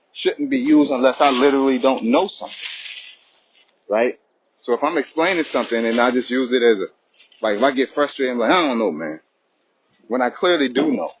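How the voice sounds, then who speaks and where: Guy preaching a lesson all loose and chatty, dull lo-fi sound with faint hiss. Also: medium pitch. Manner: conversational, repeats "you know what I'm saying". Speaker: teacher of a religious lesson. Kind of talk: informal spoken teaching.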